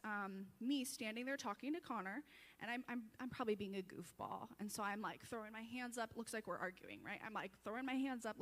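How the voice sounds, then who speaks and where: A woman's voice: fairly high pitch, long reverb tail. A young woman giving a chatty, self-deprecating farewell tribute at a church service, often breaking into laughter. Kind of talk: casual storytelling speech.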